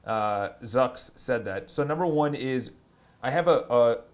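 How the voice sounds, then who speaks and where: A man, a real estate agent and vlogger, giving an energetic motivational talk on a livestream, stressing points with a repeated "okay?". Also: medium pitch, unhurried.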